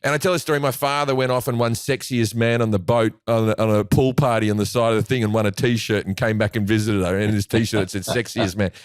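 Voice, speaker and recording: A man's voice: fairly low pitch, fairly even intonation, quick pace, few pauses, no room sound, clean studio sound. A man, a comedian guest, telling crude anecdotes in casual chat, often restarting his phrases. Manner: profane storyteller, restarts phrases, acts out quoted voices.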